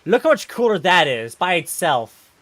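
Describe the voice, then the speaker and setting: Male streamer, slightly high voice, casual live commentary that flares into excited rants. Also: normal speed, dry recording. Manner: excitable, ranting and exclaiming.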